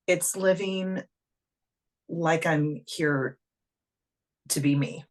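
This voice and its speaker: Low, deliberate woman coach. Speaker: coach, podcast guest. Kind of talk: reflective casual chat.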